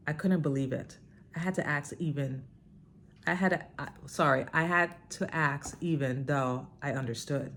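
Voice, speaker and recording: A deep-voiced woman reads a book aloud in a dramatic way and stops now and then for emphatic comments of her own. Her voice often jumps high when she stresses a point. There is a faint hiss under the recording. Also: moderate pace. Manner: emphatic, with sudden high outbursts. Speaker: vlogger reading a book aloud.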